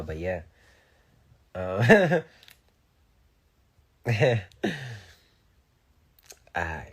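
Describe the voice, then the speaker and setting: Laid-back gravelly low-voiced man. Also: a bit bright. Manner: laid-back and joking, laughs often, can't roll his R's. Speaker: musician on a live stream. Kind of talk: casual live-stream chat, reading comments. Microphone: phone.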